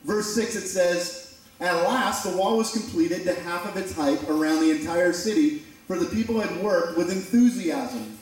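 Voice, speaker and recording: A man preaching a sermon as pastor, talking conversationally and acting out quoted voices. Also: high-pitched. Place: church sanctuary. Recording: very echoey church from a distant mic.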